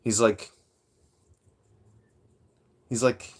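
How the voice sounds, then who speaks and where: A middle-aged man, ranting on his live stream. He talks rough and profane, throwing out threats. His voice sits at an ordinary mid pitch for a man. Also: fairly even intonation, drawn-out words. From Toronto, Canada.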